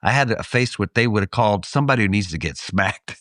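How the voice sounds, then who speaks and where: A middle-aged man from Texas, a podcast co-host telling a story in a casual way, animated and laughing often. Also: lowish voice, fast talker, no echo. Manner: animated, acts out voices in anecdotes, laughs often. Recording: dry close studio mic.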